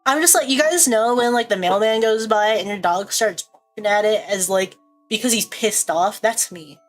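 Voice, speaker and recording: A woman's voice: mid-range voice, moderate pace, faint music behind. A young woman streaming, chatting casually in a rambling, jokey way and laughing often.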